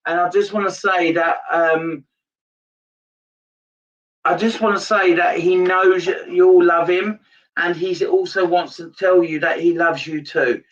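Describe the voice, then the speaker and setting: A man's voice: high voice, fairly bright tone, distant mic. Guy medium doing live readings, stops and repeats himself, gets emotional, muffled lo-fi stream sound. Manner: halting, repeats his phrases, turns emotional. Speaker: psychic medium.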